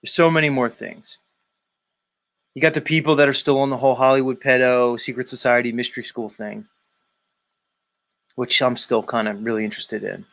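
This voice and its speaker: A man's voice: mid-range voice, steady tone, moderate pace, vocal fry, long pauses, fairly bright tone. A man hosting a daily live stream, reading viewer comments aloud and teasing commenters by name in a rambling, casual way. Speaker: livestream host reading chat.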